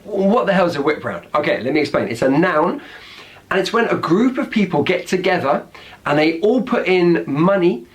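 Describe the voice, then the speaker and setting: A British man with a slightly high voice and a British accent teaches English slang, explaining terms one at a time in an upbeat, very animated way at normal speed. He often checks in with listeners by asking "right?" after making a point.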